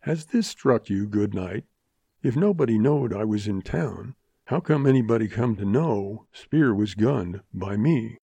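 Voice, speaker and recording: A man's voice: on the low side, expressive, measured pace, gravelly, warm tone, breathy edge, dry recording, heavily acted. A man as a tart young cowboy. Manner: terse, dry, casual western speech. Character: tough young male cowboy, tart and steely.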